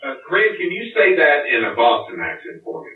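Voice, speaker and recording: A man's voice: a little high, big pitch swings, normal speed, roomy sound. A man guest-hosting a casual podcast, joking and playful. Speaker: guest host. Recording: muffled distant mic, crowd chatter behind.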